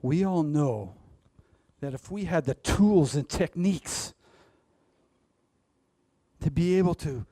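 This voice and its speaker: A man's voice: on the high side, expressive, slow pace, long pauses, dark tone, dry recording, clean studio sound. A man giving a motivational stage talk, speaking straight to the audience and laughing at his own jokes. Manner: addresses the audience directly. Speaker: public speaker.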